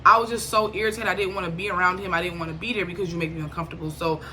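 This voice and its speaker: A young woman from Liberia telling a storytime vlog in a casual, animated way, acting out quoted lines and swinging between irritation and laughter. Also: fairly low pitch, rapid-fire, slight background noise. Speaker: vlogger.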